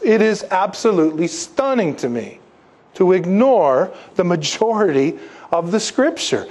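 A man preaching a sermon, emphatic and animated, posing rhetorical questions to his listeners and slipping into stories. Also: sits high. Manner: animated storytelling with asides. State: congested, needing tissues. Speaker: pastor.

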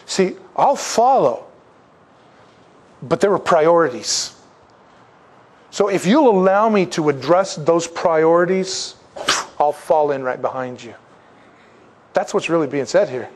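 A man delivers a sermon in a relaxed, conversational way, his voice a little higher than most men's. He slips into the voices of the figures he quotes, rising and falling as he goes. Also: a little slow, long pauses. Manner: conversational preaching, acts out quoted voices, wide swings in pitch and loudness. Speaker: pastor.

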